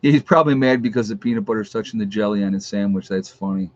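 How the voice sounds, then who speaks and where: A man's voice: on the low side, quick pace, dull audio. A man from New York State hosting his own channel's livestream, chatting casually and with amusement as he reads out viewers' locations and teases trolls. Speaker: YouTube channel host.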